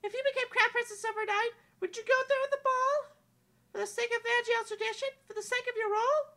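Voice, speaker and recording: A woman voicing an excitable young princess in a high, squealing, overacted voice. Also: quick pace, exaggerated voice. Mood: bubbly.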